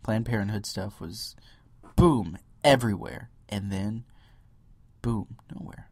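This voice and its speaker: Husky-voiced man ranting on a podcast. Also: mid-range voice, big pitch swings, moderate pace, darkish tone, no room sound. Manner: ranting, mocking impressions, drops into whispers. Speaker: podcast host. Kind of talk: solo political rant.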